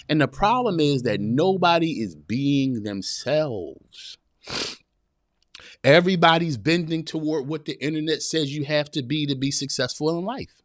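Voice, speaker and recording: A man hosting a live podcast, talking straight to his viewers and reading their chat, animated and preachy, repeating his phrases. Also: fairly high pitch, moderate pace, no room sound, studio quality. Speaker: podcast host.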